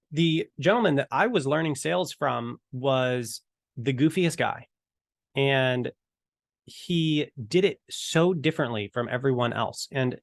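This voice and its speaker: A man's voice: medium pitch, dry recording, clean studio sound. Chatty man teaching evangelism. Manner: storytelling, chatty, animated retelling. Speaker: evangelism trainer. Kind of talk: casual teaching talk to camera.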